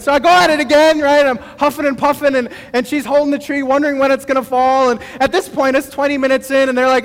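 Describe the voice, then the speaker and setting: A middle-aged male pastor delivers a sermon with a very high voice. He talks in an easygoing, conversational way and pokes fun at himself. His voice rings with the long reverb of a large hall. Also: steady tone, brisk. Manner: conversational storytelling with self-deprecating humor.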